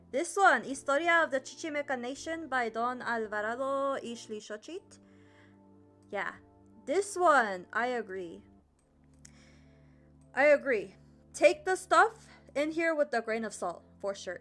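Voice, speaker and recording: A woman's voice: sits high, animated, a little slow, pauses often, a bit bright. Chatty woman streamer, faint music behind. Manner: chatty, rambling with many fillers, laughs often. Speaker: history streamer teaching a lesson. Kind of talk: casual livestream lesson, reading chat.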